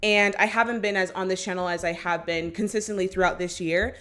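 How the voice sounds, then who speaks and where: She speaks in a mid-range, steady, slightly bright voice at a brisk clip. A woman vlogger recapping a movie, she keeps it casual and chatty, dropping "like" and "just like" everywhere and acting out quotes.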